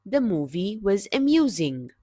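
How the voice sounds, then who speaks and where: The speaker is a woman teaching English vocabulary in a scripted, unhurried lesson, pronouncing each word clearly and deliberately. Her mid-range voice is sing-song and dark in tone, with no echo.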